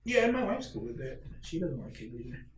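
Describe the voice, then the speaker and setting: A man's voice: medium pitch, big pitch swings, brisk. A man hosting a podcast, chatting casually and telling self-deprecating stories. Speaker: podcast host. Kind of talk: casual chat. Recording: echoey room, distant mic, faint noise.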